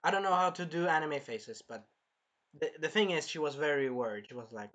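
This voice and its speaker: Guy rambling thru an anime recap, bright tense kinda high voice, keeps clearing his throat n saying sorry. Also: brisk. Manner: rambling, sidetracks and apologizes, excitable. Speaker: anime reviewer host. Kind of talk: casual chat recapping an episode.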